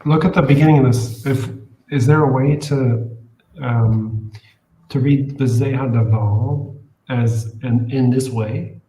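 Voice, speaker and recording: A man's voice: medium pitch, slow pace, mellow. Hesitant man in a roomy space. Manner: tentative, hesitant, searching for wording. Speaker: co-host of a Hebrew Bible reading stream. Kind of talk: casual live-stream discussion. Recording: roomy sound with faint background noise.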